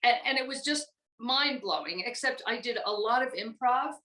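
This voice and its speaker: An older American woman recalling her acting career in a relaxed, rambling chat full of fillers. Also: a little high, moderate pace, roomy sound, low-quality recording. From United States. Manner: chatty, rambling with many fillers. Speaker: guest voice actress. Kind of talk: casual interview chat.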